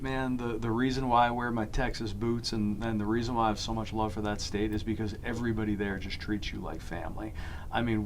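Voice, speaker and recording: A man's voice: lowish voice, a little hiss or hum. A man hosting a podcast in casual chat, talking in an enthusiastic, folksy way. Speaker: podcast host.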